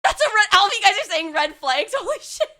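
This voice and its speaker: High bright-voiced blunt young woman streamer. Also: very animated, fast talker. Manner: blunt, sarcastic, swears freely, lots of fillers. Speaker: VTuber streamer. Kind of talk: casual stream chat reacting to chat.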